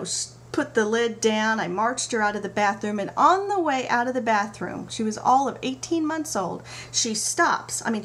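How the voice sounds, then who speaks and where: Lively middle-aged woman vlogger. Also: on the high side. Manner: animated storytelling with playful asides. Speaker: parenting vlogger. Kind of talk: casual talk to camera. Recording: faint background noise.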